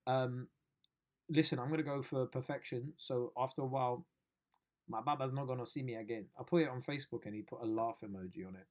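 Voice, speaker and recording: Man, casual video diary, excitable, slangy, self-mocking. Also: mid-range voice, a little fast. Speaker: comedian vlogger.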